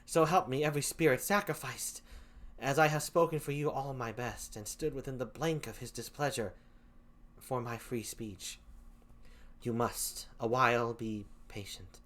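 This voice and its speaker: A man voicing Desdemona, a gentle young noble wife, with an attempted English accent in an amateur Shakespeare reading. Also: mid-range voice, moderate pace, natural voice. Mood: sorrowful.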